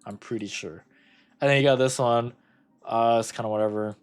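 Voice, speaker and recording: A young man in casual gameplay commentary, rambling and correcting himself, with sudden bursts of excitement. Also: medium pitch, normal speed, clear, resonant tone. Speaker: gaming content creator.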